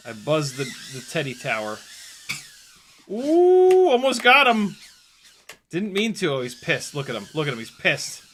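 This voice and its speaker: A man vlogging as he flies a small drone, talking to himself in casual commentary with quick exclamations and the odd swear word. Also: mid-range voice, animated, pushed and bright, slight background noise. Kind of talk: casual commentary while flying.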